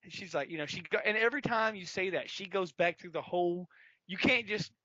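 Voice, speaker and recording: This is a man co-hosting a gaming podcast, and he tells his story with animated, lively energy. His voice sits a bit high and sounds bright and forceful. The recording is dry and a little muffled. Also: fairly quick, no echo. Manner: animated storyteller, acts out a phone call, yells and laughs. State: sore throat. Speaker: podcast co-host. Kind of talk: casual chat.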